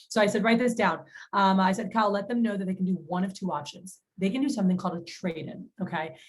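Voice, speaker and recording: A woman's voice: mid-range voice, darkish tone, low-quality recording. A woman giving a sales training talk in a chatty storytelling manner, retelling phone calls with quoted lines. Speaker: sales manager.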